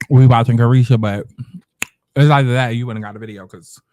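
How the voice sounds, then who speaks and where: A man's voice: mid-range voice, steady tone, fairly quick, darkish tone, dry recording, studio quality. A man hosting a reaction commentary, sassy and blunt, talking while he eats. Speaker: commentary host.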